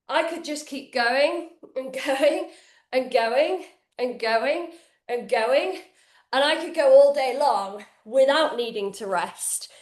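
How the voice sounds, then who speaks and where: A fitness coach leads a live workout from her home kitchen indoors, out of breath as she demonstrates moves. Her voice is high and her talk casual and energetic, with the occasional swear word, and the room adds a noticeable echo.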